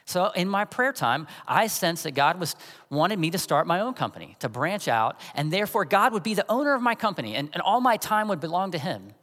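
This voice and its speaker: A man's voice: sits high, sing-song, a little fast, fairly bright tone, big-room sound. A man in his forties preaching a sermon as a pastor, talking in a conversational, storytelling way.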